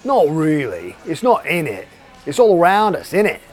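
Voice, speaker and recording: A cheerful pub landlord, put on by a man for a comedy news sketch. He chats breezily with a lively, bouncing pitch, sitting a little high. He stays matter-of-fact and unbothered. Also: moderate pace, faint music behind. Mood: breezy. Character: cheerful English pub landlord, male adult.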